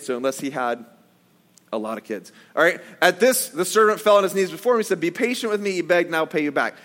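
A man's voice: high voice, fairly bright tone, in a large hall. A man preaching a casual sermon, conversational, with joking asides and acted-out quotes. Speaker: pastor.

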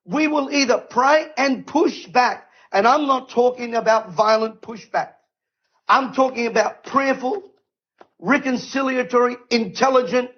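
A man's voice: very high voice, unhurried, dull audio. A man preaching an impassioned sermon, emphatic and fiery, firing off repeated rhetorical questions. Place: event stage.

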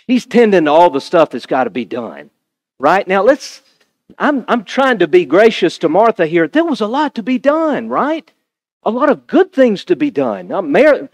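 Male pastor, high and very expressive, conversational sermon style with congregation asides.

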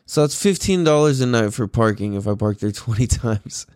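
A man's voice: mid-range voice, animated, normal speed, a little mellow, clean tone. A tired young man hosting his own podcast, rambling in a laid-back way with lots of swearing, fillers and laughs. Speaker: podcast host. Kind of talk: casual solo podcast monologue.

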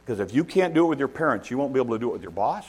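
A man's voice: mid-range voice, sing-song, racing, slightly rough. A man preaching a sermon as pastor, emphatic and repeating key points for stress.

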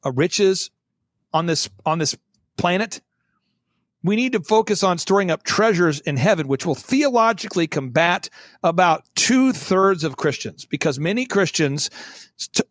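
Guest: fervent, direct man with a high voice; blunt, punchy delivery; dry sound. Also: dry recording. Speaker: guest speaker. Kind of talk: fervent conversational preaching.

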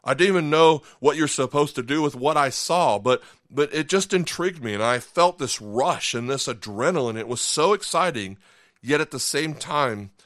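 A man's voice: mid-range voice, a bit bright, no room sound, studio quality. Earnest male pastor preaching a sermon. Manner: earnest storytelling, acting out inner voices in quotes.

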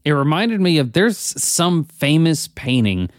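A man's voice: a little high, sing-song, a little slow, no room sound, studio quality. A man co-hosting a podcast in casual chat, explaining points with emphasis. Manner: emphatic explaining, addresses co-host by name. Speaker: podcast co-host.

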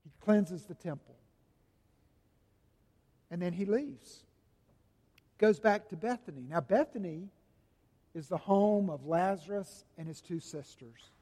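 A man preaching a sermon as pastor, dramatic and swinging from booming to hushed. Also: takes it slowly, pauses often, long reverb tail.

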